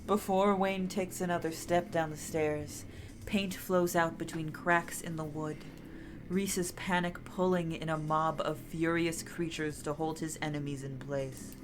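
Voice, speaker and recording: A woman streamer reading a story game aloud with dramatic narration, breaking into lively chat with loud exclamations. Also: sits low, measured pace, noisy background. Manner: animated, bursts of loud exclamations and laughter.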